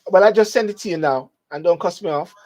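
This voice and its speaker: A Jamaican man hosting a live-streamed talk show, his voice sitting slightly high for a man. He talks animatedly and often stumbles over repeated words while reading viewer comments aloud. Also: darkish tone. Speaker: host.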